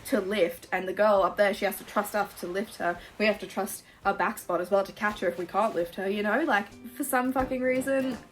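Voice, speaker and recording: A young Australian woman in her twenties chatting casually through a Q&A while she plays a game, gushing and animated, full of fillers and swearing. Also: mid-range voice, brisk, few pauses. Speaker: YouTuber. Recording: music playing behind.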